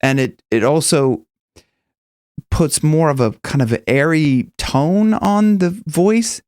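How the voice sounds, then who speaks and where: A man teaching singing, explaining casually and breaking into high sung examples. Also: slow pace, a little mellow, smooth, no echo, clean studio sound. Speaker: vocal coach. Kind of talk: singing lesson with demonstrations.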